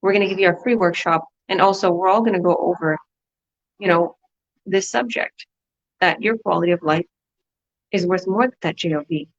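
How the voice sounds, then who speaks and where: A woman's voice: on the low side, normal speed, long pauses, highs cut off. A woman business coach hosting a motivational online talk, upbeat and preachy, often repeating herself.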